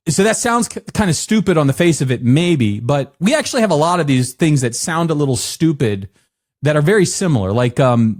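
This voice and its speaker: A man co-hosting a podcast, explaining points step by step in a relaxed conversational way. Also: on the high side. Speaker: podcast co-host. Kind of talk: casual chat.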